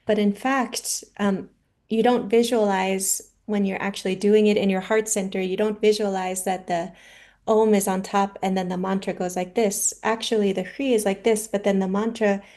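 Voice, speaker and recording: A woman's voice: medium pitch, fairly even intonation, moderate pace, a little mellow. A woman explaining a meditation practice as translator over a video call, hesitant with many filler ums.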